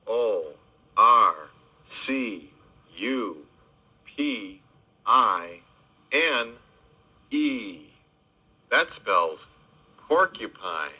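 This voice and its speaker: A man teaching children animal names in a slow, sing-song voice, spelling each word letter by letter. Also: lowish voice, bright, forceful tone. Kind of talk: spelling lesson for kids.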